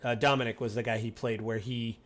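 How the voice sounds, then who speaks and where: A man's voice: medium pitch, fairly quick. Rambling American man chatting casually. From United States. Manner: rambling, acts out quotes in animated voices. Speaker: podcast host. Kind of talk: casual chat.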